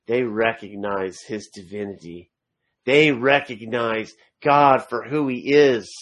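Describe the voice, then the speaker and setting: Male pastor, mid pitch, sermon delivery with emphatic repeated phrases. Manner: reads scripture aloud, rising to emphatic repeated phrases. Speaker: preacher.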